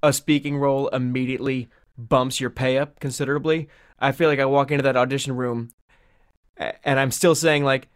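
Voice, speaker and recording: A man's voice: mid-range voice, fairly even intonation, fairly quick, smooth. A man in casual comedic chat, riffing with dry, wry reasoning.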